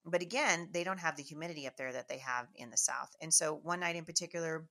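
A middle-aged woman from Washington State, a Christian speaker telling a lively personal testimony to an audience with chatty restarts. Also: low-pitched, fast talker. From Washington State, USA. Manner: chatty, animated storyteller with frequent restarts. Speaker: Christian speaker and homeschool teacher.

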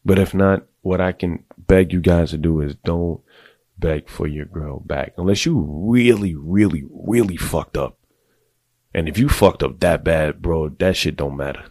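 A deep-voiced middle-aged man hosting a podcast, giving blunt, profane, confessional advice to other men in a casual monologue. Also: unhurried, a little mellow, no echo. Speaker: podcast host.

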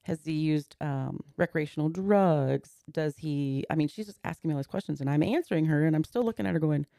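A woman's voice: deep voice, fairly quick, vocal fry, warm tone, no echo, clean studio sound. A woman in her forties, a podcast guest, earnestly recounting a personal story step by step and slipping into the words of the people in it. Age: 40s.

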